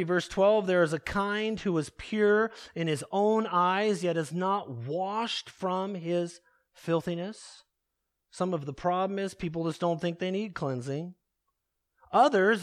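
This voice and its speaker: A man preaching a sermon, emphatic, asking the congregation rhetorical questions and slowing down to stress key words. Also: high voice. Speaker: pastor.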